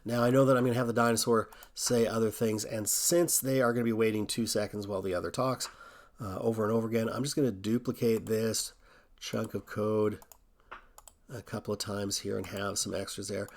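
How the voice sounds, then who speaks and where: A man hosting a coding tutorial, thinking aloud in a relaxed way as he walks through a screen recording. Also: fairly low pitch, brisk.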